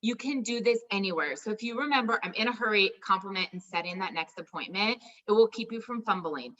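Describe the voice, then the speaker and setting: A woman's voice: medium pitch, brisk, a bit bright, far from the mic, lo-fi sound. A woman leading a team call, giving upbeat, chatty coaching and acting out sample conversations. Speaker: team leader on a sales call. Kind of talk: motivational coaching talk.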